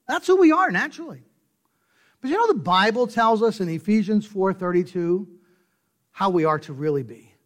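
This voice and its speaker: A male pastor preaching a sermon, emphatic and full of rhetorical questions, dropping to soft low asides and rising to loud stressed points. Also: expressive, normal speed.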